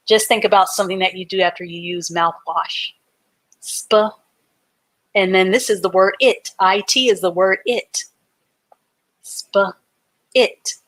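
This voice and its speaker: Female literacy teacher for a live class. Very slow, patient delivery, sounds out letters and syllables. Dry, close recording. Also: fairly low pitch, no room sound. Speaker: reading teacher. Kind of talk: live online reading lesson.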